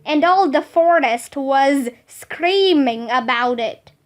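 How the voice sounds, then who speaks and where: A woman's voice: high-pitched, expressive, slow. A woman doing a frightened young boy. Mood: worried.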